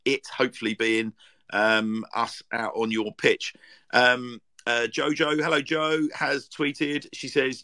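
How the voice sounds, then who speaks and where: A man's voice: mid-range voice, steady tone, measured pace, pushed and bright, poor audio. A man hosting a football fan podcast, chatting casually and reading listener tweets aloud in a rambling way, with many ums and restarts. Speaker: podcast host.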